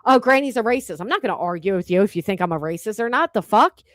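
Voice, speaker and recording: A woman hosting a casual commentary chat, blunt and profane, mocking people with quick impressions. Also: medium pitch, animated, dry recording, studio quality. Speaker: host.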